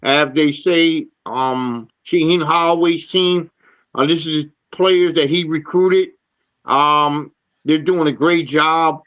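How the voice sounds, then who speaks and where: Male host, somewhat high-pitched, halting stat-reading style, muffled lo-fi audio. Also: steady tone. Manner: halting, many fillers and restarts reading stats. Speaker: show host. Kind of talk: postgame sports talk.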